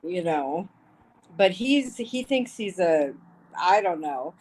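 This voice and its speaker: Brief: unhurried woman streamer, lowish voice, blunt and profane. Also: animated, darkish tone, slight background noise, poor audio. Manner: blunt, swears often, emotional asides. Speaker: livestream commentator. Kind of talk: casual live-stream commentary.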